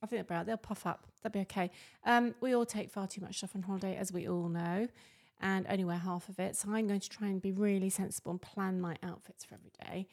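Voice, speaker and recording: A woman's voice: mid-range voice, fairly even intonation, fast talker, hardly any pauses, darkish tone. A middle-aged mother chatting with her daughter in her kitchen, dry and teasing. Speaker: podcast co-host, mother. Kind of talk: casual chat with her daughter. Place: home kitchen.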